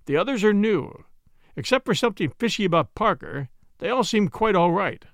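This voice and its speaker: A man giving a measured, expressive first-person narration of a story, recorded on a close mic. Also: high-pitched, no room sound. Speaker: audiobook narrator.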